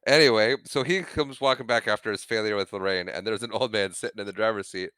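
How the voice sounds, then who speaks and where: Laughing, bright-voiced man recapping a movie. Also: on the low side, fairly even intonation, smooth, dry recording, studio quality. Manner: retells scenes with quick acted-out quotes, laughs often. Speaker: podcast co-host. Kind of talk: casual movie recap chat.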